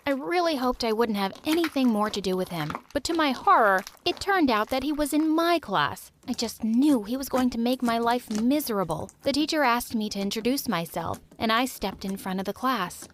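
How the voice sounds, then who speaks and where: Expressive woman storytime narrator. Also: on the high side, moderate pace, few pauses, a little hiss or hum. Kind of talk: first-person storytime narration.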